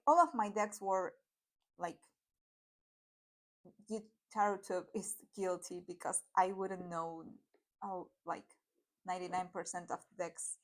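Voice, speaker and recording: Chatty Argentine woman reviewing tarot decks. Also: mid-range voice. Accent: Argentine Spanish. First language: Spanish. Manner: chatty and apologetic, many fillers. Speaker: tarot YouTuber. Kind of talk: casual deck review vlog.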